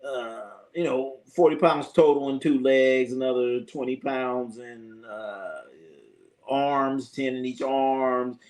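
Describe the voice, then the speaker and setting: A man's voice: medium pitch, fairly even intonation, slow, darkish tone. A man hosting a casual sports livestream. He reads out viewer comments, rambles, repeats himself, swears and laughs often. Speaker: sports talk livestream host. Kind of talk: casual live-stream chat reading viewer comments.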